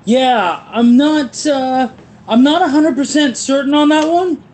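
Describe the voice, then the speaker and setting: A man with a notably high-pitched voice talks casually about his work as a comic creator. He tells his stories with lively energy and swears without hesitation. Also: unhurried. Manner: animated storyteller who swears freely. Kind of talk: casual chat.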